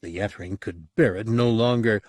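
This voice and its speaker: A man narrates a horror audiobook from a script, reading in an expressive storytelling manner. His voice is on the low side at normal speed, recorded at studio quality with no room sound.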